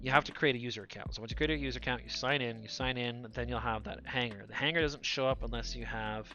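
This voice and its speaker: A man's voice: mid-range voice, steady tone, quick pace, bright, forceful tone, dull audio. A man in his forties chatting casually on a live stream; he talks nonstop, laughs a lot, and his voice sounds younger than his age and sometimes cracks. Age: 40s.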